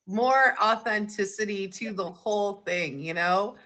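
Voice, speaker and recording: A woman's voice: mid-range voice, a little slow, pushed and bright. A woman interviewing casually on a video call, upbeat and encouraging, often saying "you know".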